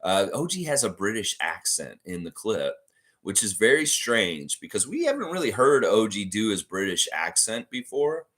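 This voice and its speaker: A man hosting a casual livestream chat, rambling in a relaxed way and reading viewer comments aloud. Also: fairly low pitch, normal speed. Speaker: livestream host.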